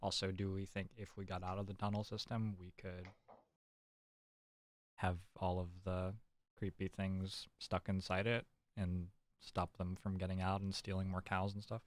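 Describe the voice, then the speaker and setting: A man's voice: low voice, little pitch movement, normal speed. A man playing a tabletop game who asks long, rambling questions. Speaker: player. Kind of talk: casual tabletop game talk.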